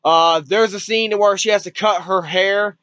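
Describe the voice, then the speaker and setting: A man talks through a movie review in a loose, rambling way, repeating himself and swearing offhand. His voice is high and bright, smooth and clear. The sound is dry and a little dull, like a lo-fi home recording. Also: fairly even intonation, a little slow, dry recording. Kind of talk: casual spoken review.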